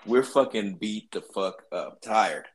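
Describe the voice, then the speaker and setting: A man and army veteran telling stories in casual talk, swearing constantly in an animated, profane way. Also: on the low side, slow, low-quality recording. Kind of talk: casual storytelling.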